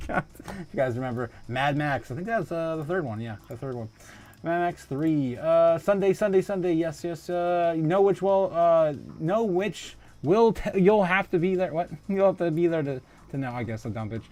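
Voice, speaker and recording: A man's voice: on the high side, lively intonation, moderate pace, darkish tone. A man hosting a casual livestream, reading out viewer comments, laughing often and trailing off into fillers and exclamations. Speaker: livestream host.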